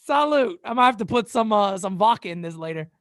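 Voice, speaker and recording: A man's voice: high-pitched, quick pace, a bit bright, no echo, studio quality. A man hosting a casual sports live-stream chat, joking, laughing often and stammering through repeated words. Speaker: sports channel host.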